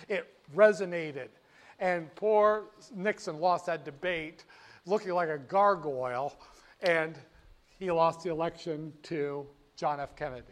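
An older man telling history in a casual, animated, folksy way, often correcting himself mid-sentence. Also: fairly high pitch, a little slow. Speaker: storyteller.

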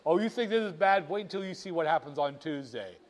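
A man teaching about stock charts in an animated, playful way, often asking the viewer rhetorical questions. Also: on the high side, fairly quick. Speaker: finance instructor. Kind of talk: screen-share lesson on market charts.

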